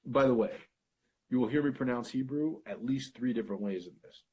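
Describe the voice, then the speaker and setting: An American man leading a casual Bible study, reading verses aloud and thinking out loud between them, with the odd swear and laugh. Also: medium pitch, fairly quick, a little hiss or hum, rough recording. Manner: thinks aloud, swears, laughs, reads Hebrew then explains.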